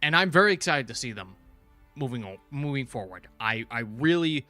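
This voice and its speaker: Man, livestream host, bright tone, dry close sound, faint music behind, rambling, excitable. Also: mid-range voice, moderate pace. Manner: rambling and excitable, self-correcting with fillers. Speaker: channel host reviewing a TV show. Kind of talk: casual livestream commentary.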